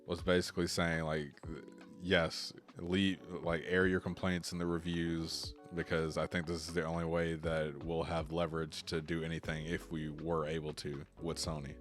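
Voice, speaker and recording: A man with a very low voice chats casually on a gaming show, rambling along and breaking into laughs. Faint music sits behind him. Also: moderate pace. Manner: laughs often, relaxed and rambling. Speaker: co-host of a gaming news show. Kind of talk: casual chat.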